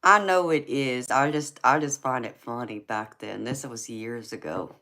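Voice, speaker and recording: A woman's voice: extremely low pitch, a little slow, sharp tone. A woman with a Georgia Southern accent chats easily with her viewers, laughing often. She calls them honey and girlfriend and keeps a friendly, talkative flow. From California. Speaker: livestream tarot reader. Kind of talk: casual live-stream chat with viewers.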